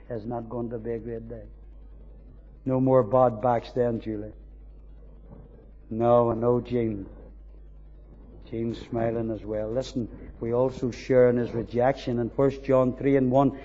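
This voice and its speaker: A man preaching a sermon, swinging between soaring emphasis and quiet asides. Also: mid-range voice, flat delivery, measured pace, pauses often, soft background music. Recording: dull recording in a reverberant hall.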